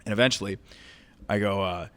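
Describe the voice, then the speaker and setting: A man co-hosting a podcast, a stand-up comedian telling animated, profane stories in casual chat. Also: medium pitch, moderate pace. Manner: animated, profane storytelling with laughter.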